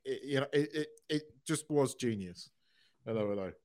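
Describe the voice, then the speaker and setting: Brief: male podcast co-host, very lively pitch, animated and swears freely, lots of ums. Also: normal speed. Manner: animated, swears casually, hesitant fillers. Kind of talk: casual chat.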